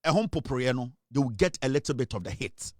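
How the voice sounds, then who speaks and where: A man's voice: mid-range voice, lively intonation, fast, no echo, studio quality. A man hosting a live talk show, delivering repetitive, threatening accusations. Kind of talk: heated live commentary.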